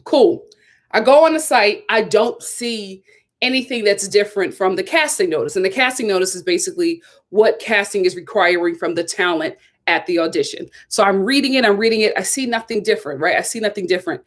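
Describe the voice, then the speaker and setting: A young woman hosting a live review stream, telling a story in an animated, dramatic way and laughing often. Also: mid-range voice, brisk. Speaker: host of a live reality-show review channel. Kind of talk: casual storytelling to a live chat.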